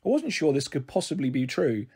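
A man reading a children's book aloud as a storyteller, in an expressive, animated way. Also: medium pitch, fairly quick, husky.

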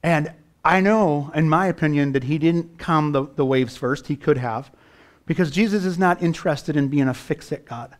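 A middle-aged pastor delivering a sermon with a somewhat high voice. He builds to fervent, raised passages and keeps asking the congregation questions. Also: moderate pace. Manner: preaching with rising fervor, rhetorical questions to the congregation.

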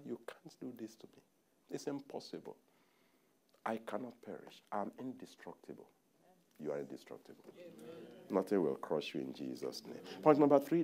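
A man preaching a sermon in a church, animated, laughing often and acting out the voices of the people he quotes. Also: mid-range voice.

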